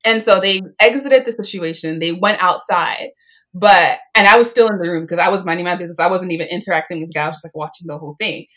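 A woman's voice: on the low side, quick pace, a bit bright. Woman in her twenties, chatty storyteller who voices the people she quotes. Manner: chatty, lots of "like", acts out quotes. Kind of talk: casual storytelling.

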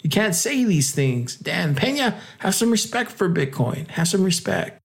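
A man hosting a casual crypto podcast, hyped and joking, laughing often and jumping into high exclamations. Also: big pitch swings, unhurried, creaky. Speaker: podcast host.

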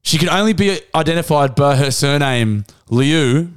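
Young aussie podcast host, a bit higher voice, swears a lot, jokey, keeps breaking up reading the news. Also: male voice, animated, normal speed, clean tone, no echo. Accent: Australian. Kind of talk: casual chat.

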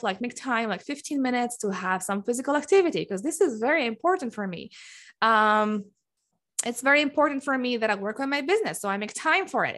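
A woman's voice: fairly high pitch, a bit bright. A woman, likely in her thirties, giving an earnest motivational talk to other moms, often asking "right?" and filling with "like". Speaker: mom life coach.

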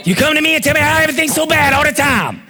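A man preaching a sermon as pastor, animated and often shouting, with bursts of fast talk. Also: very high-pitched, a crowd in the background. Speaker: pastor and youth football coach.

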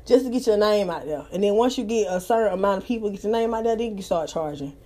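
A woman hosting her own live talk show, chatting casually in an animated, profane, gossipy way. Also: mid-range voice, fast. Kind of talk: casual chat.

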